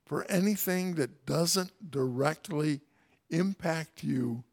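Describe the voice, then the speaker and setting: A man's voice: mid-range voice, a little slow, creaky. A man teaching through a Bible passage in a conversational way, with wry, folksy asides.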